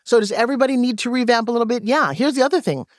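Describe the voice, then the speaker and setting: A woman guest and sales coach, telling stories in an animated way and acting out quoted dialogue in a podcast interview. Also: on the high side, racing, no echo, studio quality.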